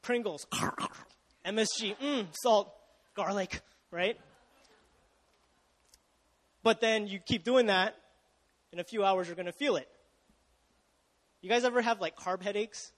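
High-voiced young preacher in an echoing hall. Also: male voice, slow, long pauses, a bit bright. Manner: casual, chatty, asks the audience questions, self-interrupting. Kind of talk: sermon.

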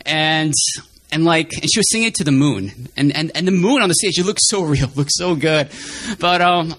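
Guy preaching, telling his own story all earnest and chatty, kinda high voice, keeps repeating himself. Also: moderate pace, a bit bright. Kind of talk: storytelling sermon.

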